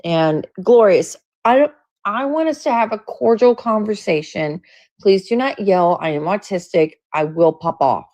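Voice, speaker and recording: A woman on a live debate stream, speaking politely and measuredly, quick to apologize. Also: mid-range voice, expressive, a little mellow.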